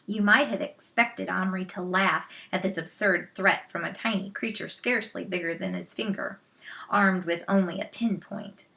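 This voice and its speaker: A woman reading a children's novel aloud, slow and measured, with soft asides to listeners. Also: mid-range voice, vocal fry. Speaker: storyteller.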